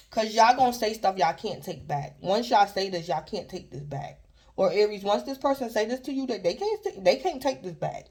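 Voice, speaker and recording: A woman's voice: medium pitch, darkish tone. A woman giving a casual tarot reading, rambling and repeating herself as she keeps addressing the listener by star sign. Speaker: tarot reader.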